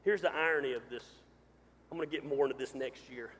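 A man preaching a sermon as pastor, swinging from loud to quiet. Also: medium pitch, fast, slight background noise. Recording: hall reverb.

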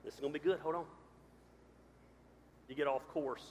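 A man preaching a sermon as pastor, swinging from loud to quiet. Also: fairly high pitch, steady tone, moderate pace, a little hiss or hum. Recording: hall reverb.

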